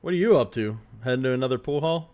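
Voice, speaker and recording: A man hosts a casual chat in a playful morning voice that's mid-range and darkish, with lively intonation and a quick pace. Every so often he breaks into silly sung lines or an announcer voice.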